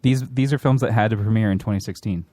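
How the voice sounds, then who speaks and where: A man's voice: lowish voice, fast talker, dark tone, no echo. A man co-hosting a podcast in casual chat, dry and opinionated. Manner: dry, opinionated, matter-of-fact. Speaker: podcast co-host.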